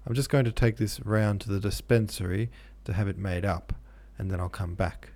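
A man's voice: fairly low pitch, fairly even intonation, normal speed, a little mellow. A man voicing a cheerful, hearty young medical student who talks in a breezy, friendly way.

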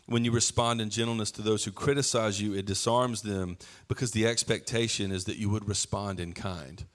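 A man preaching a sermon in a relaxed, conversational way, slipping into playful acted-out asides. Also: lowish voice, brisk.

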